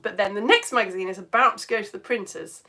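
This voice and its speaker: A woman's voice: mid-range voice, fast, bright, forceful tone. A British woman presenting a live science lesson for children, gushing and exclamatory as she reads out viewers' comments. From United Kingdom. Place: home studio.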